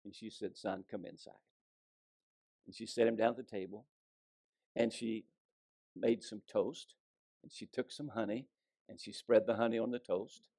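A man preaching a sermon, telling folksy stories and swinging between loud emphasis and hushed delivery. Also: fairly low pitch, steady tone, moderate pace, pauses often. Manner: folksy storytelling with fillers.

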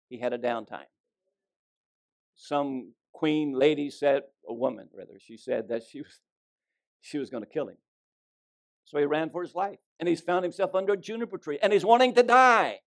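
Higher-voiced preacher swinging loud to hushed. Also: male voice. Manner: dramatic swings between loud emphasis and hushed delivery; folksy storytelling with fillers. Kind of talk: sermon.

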